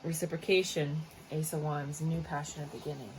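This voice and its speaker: Here the tarot reader gives her viewers a relaxed, outspoken reading full of cursing and side comments. Her voice sits low with little pitch movement and a darkish tone, moving fairly quickly, captured in a low-quality recording with slight background noise.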